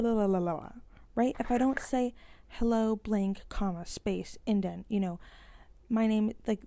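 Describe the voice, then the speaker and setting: Exasperated young woman venting, mellow voice. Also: on the high side, no echo. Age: young adult. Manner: rambling, frequent "like", exasperated rhetorical questions. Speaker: vlogger. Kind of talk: casual vent to camera.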